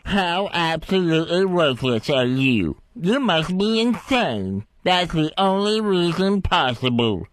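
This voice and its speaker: A droopy, self-loathing cartoon dog, done by a man drones out insults at himself in a slow, drawling lilt. The pitch swoops and sags in a lively way while the pace stays crawling. The sound is close and dry. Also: no room sound. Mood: glum, self-pitying. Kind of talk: comic bit on talk radio.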